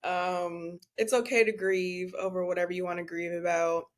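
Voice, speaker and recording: A woman's voice: on the low side, level tone, normal speed. Chatty young woman telling a story. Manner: chatty storytelling full of fillers like "like". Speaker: podcast guest. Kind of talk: casual podcast chat.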